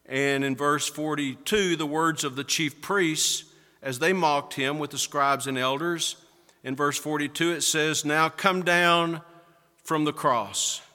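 A male pastor preaching a sermon, slowing down and building up to stress key words. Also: on the high side, fairly even intonation, pushed and bright. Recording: echoey hall with long reverb.

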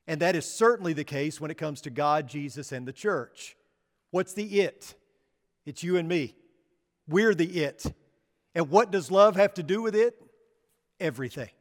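A man preaches in a sanctuary with a long, ringing reverb. His voice sits fairly high, and he keeps asking his listeners questions, then lets the answers fall quiet and low. His delivery is an unhurried sermon. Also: lively intonation. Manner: rhetorical questions, drops low and soft on key words. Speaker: pastor. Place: church sanctuary. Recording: long reverb of a church hall.

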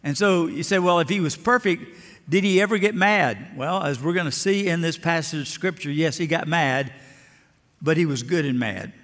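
An older pastor from Alabama preaching a sermon with a somewhat high voice. He tells homespun stories and acts out the voices in them, and a long reverb trails his words through the sanctuary. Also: normal speed, fairly bright tone. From Lower Alabama. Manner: folksy storytelling, acting out voices in stories.

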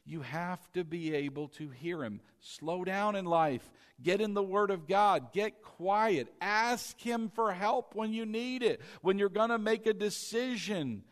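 A man pastor preaching a sermon, leading the congregation in call-and-response and moving between loud emphasis and quiet asides. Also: high voice, unhurried, few pauses.

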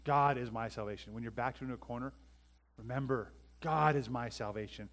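A man preaching a sermon. He is emphatic and swings between loud, raised passages and quiet asides, and he asks the congregation questions. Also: brisk. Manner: emphatic preaching that rises in pitch and volume, then drops to quiet asides. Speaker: pastor.

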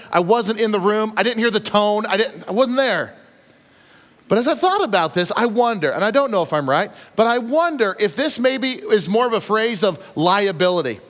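A married man preaching a sermon, telling stories and acting out the quotes in an animated way. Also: sits high. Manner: animated storytelling, acts out quotes. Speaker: pastor. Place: church sanctuary. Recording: long reverb of a church hall.

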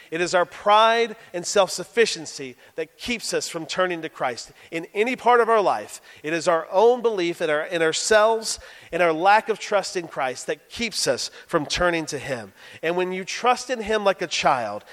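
A man's voice: sits high, fairly bright tone, big-room sound. A male pastor in his thirties giving a sermon, telling stories with self-deprecating humor. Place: church sanctuary.

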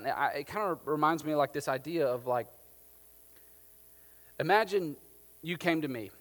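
A man's voice: mid-range voice, in a large hall. A man preaching a sermon as pastor, talking casually and telling stories with a lot of "like". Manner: conversational, animated storytelling with filler "like".

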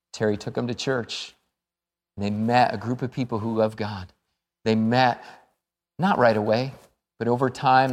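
A male pastor preaching a sermon, telling stories with quoted dialogue and moving between loud, high bursts and hushed, low phrases.

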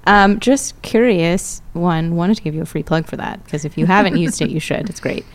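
A woman's voice: fairly low pitch, normal speed. A woman co-hosting a podcast, asking a guest questions in a friendly, encouraging way. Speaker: podcast co-host. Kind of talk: interview questions.

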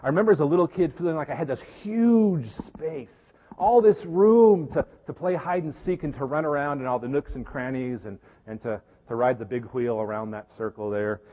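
A middle-aged male pastor from Tennessee gives a relaxed, story-driven sermon with plenty of fillers. His voice sits slightly high. The recording is muffled and carries a long reverberation from the sanctuary. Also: brisk. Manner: conversational, storytelling preacher with fillers. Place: church sanctuary.

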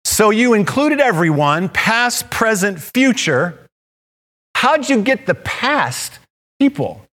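A man's voice: high voice, sing-song, slow, fairly bright tone, heavily acted. A man voicing God the Father as a playful, fatherly heavenly king in a sermon story, mock-serious and conversational.

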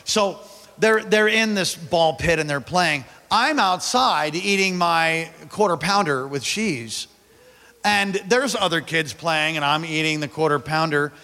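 A male pastor preaches in a high, bright voice that rings through a large reverberant church hall. He tells his stories with animated energy, rising to shouts at the peaks, and keeps calling on the congregation to answer back. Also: a little slow. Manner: calls on the congregation to respond. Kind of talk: sermon.

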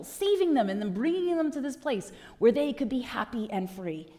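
A woman pastor preaching a conversational sermon, asking rhetorical questions and making wry asides. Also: high voice. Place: church sanctuary. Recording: long reverb of a church hall.

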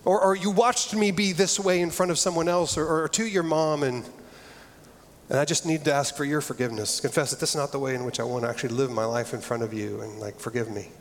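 A man's voice: a little high, steady tone, fast talker, slight background noise. A middle-aged man preaching a sermon, earnest and conversational, often restarting his phrases. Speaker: pastor. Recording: long reverb of a large hall.

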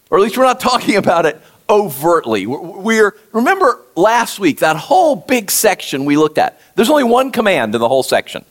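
A man preaching a conversational sermon, reading scripture aloud and talking directly to his congregation in an animated way. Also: a little high. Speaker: pastor.

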